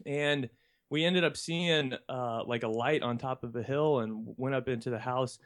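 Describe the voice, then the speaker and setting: A man's voice: mid-range voice, normal speed. Rambling young man telling a story. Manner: rambling, laughs often while talking. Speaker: podcast co-host. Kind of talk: casual chat, anecdote telling.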